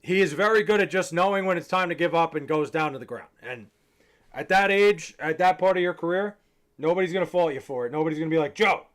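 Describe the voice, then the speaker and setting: Talking fast in a slightly high voice, a young livestreamer chats casually with his viewers. He's a little tipsy, and his talk rambles, swears and jokes.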